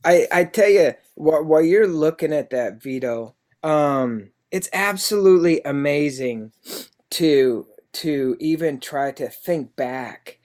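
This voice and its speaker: A man speaking slowly and haltingly in casual conversation, his voice sitting somewhat high. He mostly offers short, surprised reactions and filler words. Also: a little mellow. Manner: slow, hesitant, short reactions.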